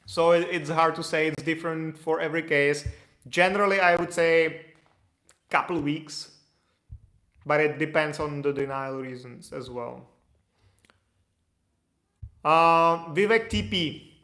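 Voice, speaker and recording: A man's voice: fairly high pitch, steady tone, unhurried, bright, forceful tone, echoey room. A man answering viewer questions in a casual, loose explanatory way, with restarts. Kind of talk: casual Q&A livestream.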